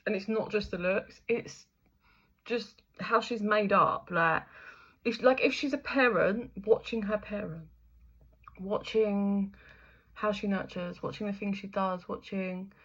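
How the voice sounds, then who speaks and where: A woman's voice: mid-range voice, fairly bright tone, highs cut off. A young woman giving a casual, chatty spiritual reading, full of fillers, the odd swear word and frequent laughter. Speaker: intuitive reader.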